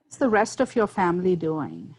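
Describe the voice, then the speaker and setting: A woman's voice: lowish voice, wildly swooping pitch, moderate pace, a little mellow, husky, rough recording. A woman moderating a webinar, polite and formal, over a video call.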